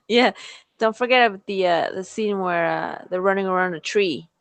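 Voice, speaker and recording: A woman hosting a podcast in casual chat, loose, profane and quick to laugh. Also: mid-range voice, vocal fry, dry recording. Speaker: podcast host.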